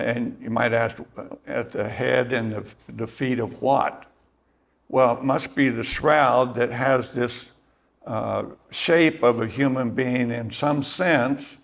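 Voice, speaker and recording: A middle-aged man preaching a sermon, retelling the story slowly and thoughtfully, with many pauses and fillers. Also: mid-range voice, creaky, a bit bright. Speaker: pastor.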